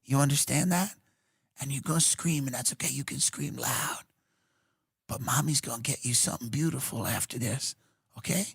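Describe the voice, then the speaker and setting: A man voicing a soft-spoken, menacing mother who calmly coaxes her child before hurting her, in a low hushed voice. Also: normal speed, vocal fry, husky, dry recording, studio quality. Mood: creepy soothing. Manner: low, hushed, creepy coaxing.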